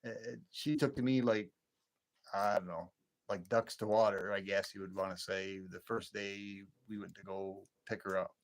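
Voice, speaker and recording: A man with a fairly low voice hosting a relaxed late-night livestream. He rambles from story to story, laughs easily and answers viewers' comments as they come in. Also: normal speed. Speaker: livestream host.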